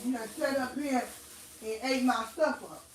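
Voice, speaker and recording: A woman's voice: sits high, steady tone, moderate pace, far from the mic. A woman vlogger venting angrily at home, cursing and repeating herself as she complains. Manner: profane, repetitive ranting in Southern African American vernacular. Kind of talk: angry venting monologue. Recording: echoey room, voice somewhat off-mic, faint noise.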